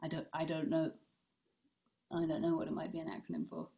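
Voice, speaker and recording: A woman's voice: deep voice, completely flat delivery, a little fast, vocal fry, highs cut off. A woman rabbi leading a casual online study class, thinking aloud with fillers and reading out participants' comments. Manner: thoughtful, many fillers and restarts, reads out participants' comments. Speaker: rabbi teaching a study session.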